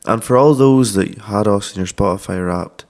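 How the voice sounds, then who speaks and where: Low-voiced man, easygoing. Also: normal speed, a little mellow. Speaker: podcast co-host. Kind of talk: casual chat.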